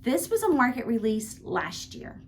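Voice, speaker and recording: A woman's voice: on the high side, very animated, moderate pace, slight background noise. A woman hosting her own craft vlog, chatting casually and gushing as she shows her work, with frequent ums. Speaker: vlog host. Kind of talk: casual show-and-tell chat.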